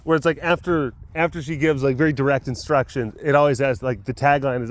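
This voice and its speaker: A man's voice: medium pitch, brisk. A man vlogging outdoors at a wild animal facility, rambling and joking with many restarts. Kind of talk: casual rambling vlog commentary.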